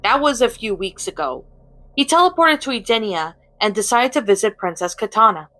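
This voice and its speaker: A woman's voice: on the high side, fairly quick, rough recording. Woman reading a story aloud. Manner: plain, steady narration. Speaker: story reader.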